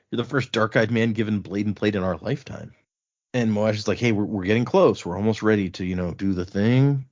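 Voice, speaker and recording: A man hosting a casual podcast, retelling a book's chapters in an animated way and quoting the characters in a loose, conversational voice. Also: on the low side, brisk. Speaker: podcast host recapping a book. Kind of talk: casual chat. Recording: dull lo-fi podcast audio.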